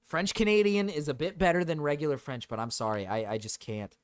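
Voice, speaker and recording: A man's voice: a little high, brisk, clear, resonant tone, no room sound, clean studio sound. Man ranting in a joking stream. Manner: rambling, repetitive, joking rants with profanity. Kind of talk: casual live-stream chat.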